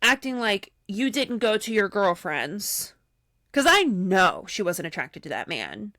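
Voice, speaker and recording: A woman's voice: mid-range voice, big pitch swings, measured pace, pushed and bright, dry recording, clean studio sound. A woman co-hosting a podcast, chatting casually and acting out other people's lines as she tells a story. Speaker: podcast co-host. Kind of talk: casual chat recapping a reality show.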